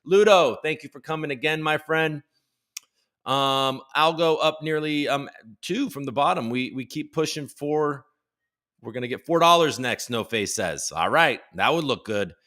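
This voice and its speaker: A man's voice: a little high, moderate pace, a bit bright. A tired man in his thirties hosting a live podcast stream, chatting loosely and reading out viewer comments. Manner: loose, rambling, reads chat aloud. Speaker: podcast host. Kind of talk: casual live-stream chat.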